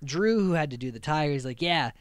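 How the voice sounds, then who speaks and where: A man's voice: a little high, animated, a little fast, a little mellow, a little hiss or hum. A man hosting a podcast, recapping a reality show in a loose, rambling way with plenty of swearing. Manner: rambling, profane, loose storytelling. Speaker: podcast host.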